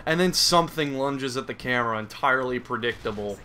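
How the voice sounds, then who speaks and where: A man's voice: medium pitch, fairly quick, pushed and bright. A young man giving crude, sarcastic comedic commentary over gameplay, rambling and mocking as he goes. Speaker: gaming commentator.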